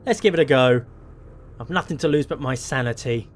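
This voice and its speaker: A slightly fast, medium-pitched man narrates his own horror gameplay, musing aloud with dry, self-mocking humor over faint game music.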